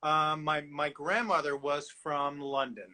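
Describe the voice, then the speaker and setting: A man hosting an interview in an enthusiastic, chatty way, quick to praise his guest. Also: fairly high pitch, fairly even intonation, pushed and bright. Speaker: interviewer host. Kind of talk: casual interview chat.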